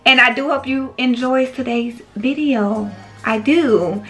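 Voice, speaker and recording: A woman's voice: a little high, a little slow, a bit bright, soft background music. A woman running a small business, chatting casually to her viewers, calling them "y'all" and "baby". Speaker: small business owner and vlogger.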